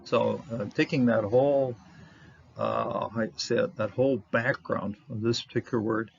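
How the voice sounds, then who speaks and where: A man teaching a Bible word study, halting with many fillers as he sounds out Hebrew words. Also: medium pitch, fairly even intonation, gravelly, muffled recording, slight background noise.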